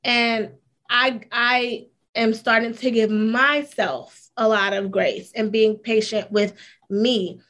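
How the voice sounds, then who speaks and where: A woman's voice: a little high, slow. A woman, a school counselor, talking candidly and with energy as a guest in a casual interview. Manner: candid, animated storytelling with fillers.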